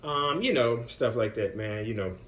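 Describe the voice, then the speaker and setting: A man's voice: medium pitch, animated, moderate pace, fairly bright tone. A man working as a group home counselor tells a story in a loose, conversational way, full of "man" and "you know". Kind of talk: casual storytelling vlog.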